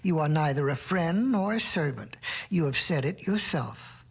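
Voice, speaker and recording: A man voicing a wise, firm cave woman who speaks in calm, measured phrases, from a restored vinyl storybook record. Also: on the high side, husky, exaggerated voice.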